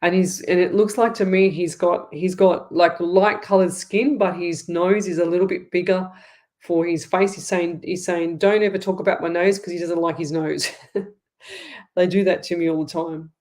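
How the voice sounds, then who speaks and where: Australian woman, middle-aged, lower-pitched; rambling, repetitive live-reading host. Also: fairly even intonation, unhurried, darkish tone. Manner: chatty, rambling, repeats herself. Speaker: psychic medium host.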